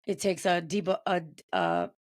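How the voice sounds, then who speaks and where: A woman's voice: fairly low pitch, big pitch swings, a little slow, no room sound, clean studio sound. A woman co-hosting a faith podcast, chiming in with supportive comments in casual conversation. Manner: supportive, interjecting. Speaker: podcast co-host.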